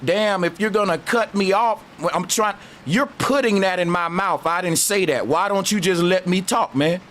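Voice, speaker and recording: A man with a Southern US accent, hosting a call-in debate, talking slowly and arguing hard. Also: high voice, a bit bright. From Southern United States. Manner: slow, drawling, argumentative. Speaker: host.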